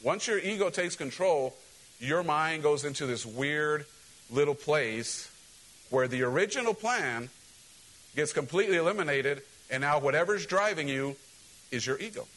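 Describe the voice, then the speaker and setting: A pastor preaching a sermon to his church, animated and direct, acting out quoted voices and calling questions to the congregation. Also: fairly high pitch, moderate pace, low-quality recording.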